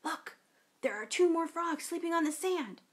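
A woman voicing an eager young boy in a children's story, talking in an animated way. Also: very high voice, moderate pace, pitched above the performer's own voice. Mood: hushed.

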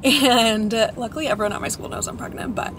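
A woman's voice: fairly high pitch, fast talker. A young woman vlogging casually while driving, chatty, using "like" a lot and laughing at herself. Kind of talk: casual vlog chat. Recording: road noise from a moving car.

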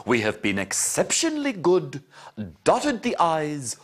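A man's voice: fairly high pitch, wildly swooping pitch, a little slow, full character voice. Male impressionist as an earnest minister: defensive, prim, wildly sing-song. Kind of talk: comic impression sketch.

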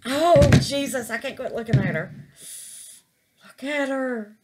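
A woman's voice: high-pitched, a little slow, very noisy. A woman gushing over her resin craft in a casual vlog, calling her viewers baby and y'all.

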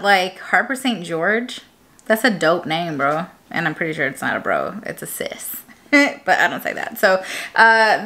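Bright-voiced chatty woman vlogger. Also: mid-range voice. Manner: chatty, rambling, lots of fillers and self-corrections. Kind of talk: casual chat.

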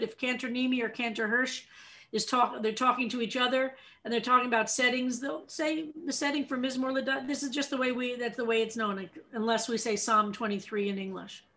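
American woman rabbi, higher voice, leading a study class with questions. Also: brisk. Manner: animated explainer, asks the class questions. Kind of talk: teaching a text study session.

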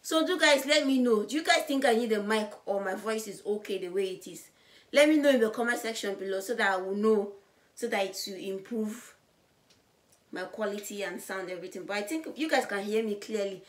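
A woman vlogging to camera, loud and bubbly, with a voice she calls high and loud. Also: a little fast. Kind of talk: casual vlog to camera.

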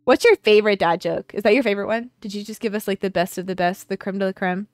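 A woman's voice: medium pitch, steady tone, fast, a little mellow, dry recording, faint music behind. A young woman hosting a casual streamed interview, bubbly and giggly, often exclaiming with delight. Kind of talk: casual chat. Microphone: home streaming microphone.

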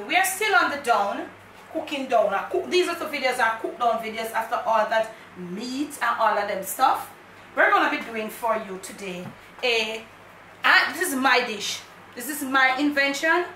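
Jamaican woman cooking host: bright, fairly high voice, chatty and direct, patois mixed in; recorded from across a kitchen. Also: reverberant, recorded from a distance, slight background noise, low-quality recording. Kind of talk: casual cooking vlog. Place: home kitchen.

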